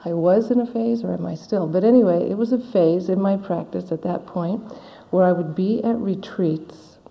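A middle-aged woman giving a dharma talk as a meditation teacher, telling a story in a slow, gentle, reflective way. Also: fairly low pitch, vocal fry. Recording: dull audio in a large hall with long reverb.

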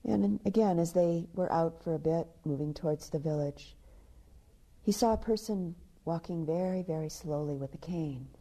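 A woman meditation teacher giving a dharma talk. She tells a story softly, often dropping to a hushed near-whisper. Her voice is low, very dark and husky. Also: moderate pace. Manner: soft, storytelling with hushed passages.

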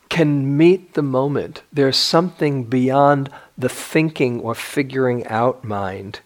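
An older man giving a dharma talk as a meditation teacher, speaking in a reflective way with gentle pauses and restarts. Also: mid-range voice.

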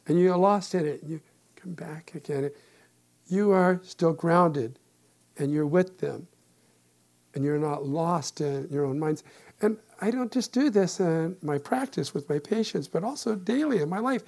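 Gravelly older man giving a meditation talk. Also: fairly high pitch, unhurried. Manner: calm, reflective, with gentle humor. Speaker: meditation teacher and therapist.

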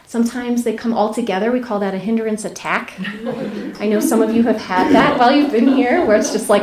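A woman meditation teacher giving a dharma talk, telling a personal story candidly, laughing often and dropping to soft, near-whispered asides. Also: fairly high pitch, normal speed, reverberant. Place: retreat center meditation hall.

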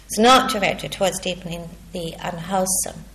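A woman meditation teacher giving a dharma talk in a measured, reflective way, pausing often and checking in with a questioning "hmm?". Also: lowish voice, steady tone, a bit bright.

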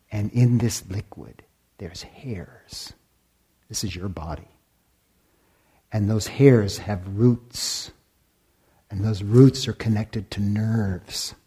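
A man teaching meditation in a dharma talk. His voice is dark, mellow and a little husky, and he speaks very slowly. He leaves long pauses, sometimes sinks to a near whisper, and keeps asking his listeners rhetorical questions. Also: lowish voice.

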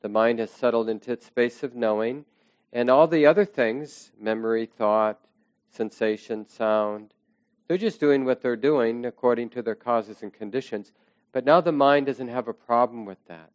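A man teaching a meditation class, speaking slowly and reflectively, letting his phrases trail off softly. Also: mid-range voice, smooth, no room sound. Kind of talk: dharma talk to a class.

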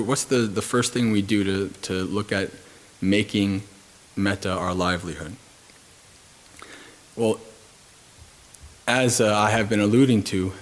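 A male monk with a lowish voice speaks at a retreat, sharing stories during a Dhamma talk. His delivery is calm but full of fillers and false starts.

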